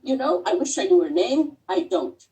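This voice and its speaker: A middle-aged woman giving a heartfelt personal talk as a guest speaker over a video call, pausing often with fillers. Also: high voice, very animated, mellow, recorded from a distance, poor audio. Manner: earnest and heartfelt, with many pauses and fillers.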